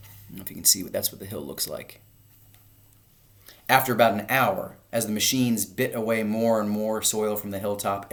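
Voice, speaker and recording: Man, teacher, children's read-aloud, lively storytelling, lowish voice. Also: gravelly. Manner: lively storytelling, raising voice for shouted lines.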